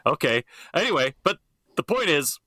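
A man's voice: a little high, big pitch swings, moderate pace, sharp tone, slightly rough, no echo, studio quality. A middle-aged man co-hosting a podcast in casual chat, rambling and swearing freely and often circling back to restart his point. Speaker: podcast co-host.

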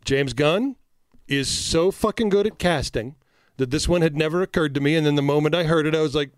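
An emphatic man co-hosting a podcast, with a fairly high, smooth and resonant voice. He swears readily and rushes through excited bursts. The recording is dry and close. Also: dry recording. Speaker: podcast co-host. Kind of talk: casual chat.

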